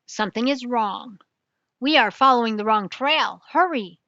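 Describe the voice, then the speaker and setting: A woman's voice: on the high side, normal speed, pushed and bright, dry recording, highs cut off. Big Max, a woman reading as a sure detective. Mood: confident. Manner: confident, explaining. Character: boastful clever elephant detective, male.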